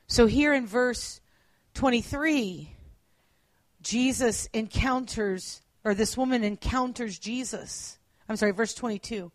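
A woman preacher giving a sermon, earnest, at times dropping to quiet emphasis and correcting herself as she goes. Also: fairly high pitch, takes it slowly, dry recording.

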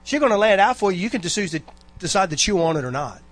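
With a high-sitting voice and a racing delivery, a church member speaks informally to his congregation. The talk is unscripted and relaxed, wandering into folksy asides and stories.

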